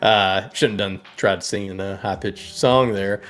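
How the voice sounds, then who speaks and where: A man's voice: fairly low pitch, fairly even intonation, measured pace, a bit bright, faint music behind. A man hosting a live trading stream, chatting casually as he reads out prices and viewers' names, laughing and sometimes singing names. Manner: chatty, reads prices and chat names, sing-song repeats of names, laughs often. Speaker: livestream trading host. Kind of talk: casual live market commentary.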